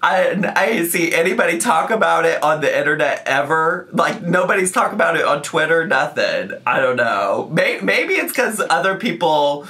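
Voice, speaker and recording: A man's voice: on the high side, big pitch swings, normal speed, few pauses, sharp tone. A man giving casual reaction commentary, rambling and full of "like" fillers.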